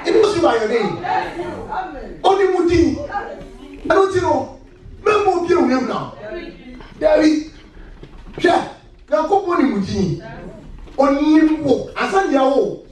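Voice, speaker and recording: A man preaching a sermon as pastor, animated and often chuckling mid-phrase. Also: extremely high pitch, slow pace, long pauses, a faint crowd. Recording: echoey church hall, mic far off.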